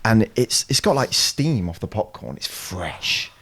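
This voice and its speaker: A young man, co-hosting a casual podcast and telling animated stories with plenty of swearing and laughter. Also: lowish voice, measured pace. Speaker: podcast co-host. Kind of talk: casual chat.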